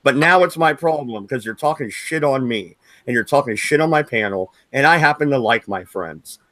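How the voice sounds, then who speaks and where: Streamer host, male, mid-pitched, cursing and taunting, recorded dry and close. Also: expressive, normal speed, fairly bright tone, dry recording. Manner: profane, mocking, confrontational. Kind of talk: angry livestream rant.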